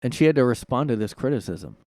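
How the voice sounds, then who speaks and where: A man riffs alone on his podcast in a sarcastic, mocking tone and often laughs at his own lines. His voice sits at a middle pitch. It is recorded close and dry, with no room sound. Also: lively intonation, fast, a little mellow, no echo. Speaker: podcast host. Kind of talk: casual solo commentary. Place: home room.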